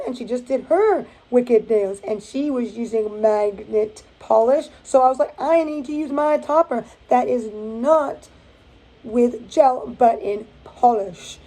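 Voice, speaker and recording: Bubbly woman vlogger narrating a nail art tutorial, fairly high voice, playful exclamations. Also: warm tone, low-quality recording.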